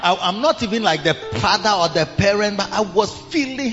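An older man with a Ghanaian accent preaching a sermon in an animated way, bursting into shouts and slipping in local phrases. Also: sits high, moderate pace. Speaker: pastor. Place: large cathedral hall. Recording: dull reverberant hall with music.

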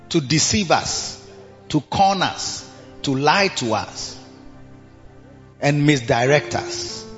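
A man preaching a sermon, reading scripture in a slow King James cadence and rising in pitch when he repeats phrases for emphasis. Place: church hall. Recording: muffled church recording, long hall reverb.

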